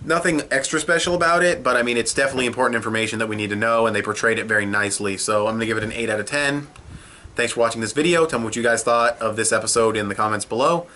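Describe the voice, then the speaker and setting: A man's voice: medium pitch, very fast, bright, forceful tone. A young man giving a casual, rambling video review, peppered with swearing and fillers. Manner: rambling and profane, with many fillers. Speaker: anime episode reviewer.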